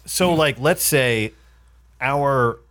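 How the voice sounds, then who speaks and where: A man in a casual comedy chat, playfully pitching jokes and laughing often. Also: very slow, fairly bright tone. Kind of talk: improvised comedy brainstorm.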